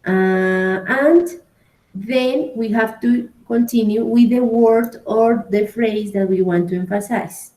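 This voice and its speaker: A woman's voice: a little high, takes it slowly, warm tone, faint music behind. A woman with a Colombian Spanish accent leads an English grammar class and takes her time over each point. She keeps checking in with "right?" and "okay?" as she explains. Her voice has a noticeable echo, as if she is in a bare room. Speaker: English teacher. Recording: echoey room.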